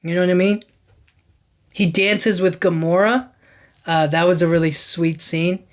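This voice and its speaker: A man's voice: high voice, steady tone, unhurried. A man hosting a podcast, casually recapping a movie in a rambling, enthusiastic way, filling his talk with "like" and "you know what I mean". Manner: enthusiastic about scenes. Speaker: podcast host.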